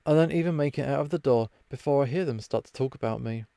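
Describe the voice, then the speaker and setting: A man's voice: medium pitch, fast talker, vocal fry, hardly any pauses, warm tone, no echo. A man reading a visual novel aloud, narrating and dropping wry asides. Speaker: gaming channel host.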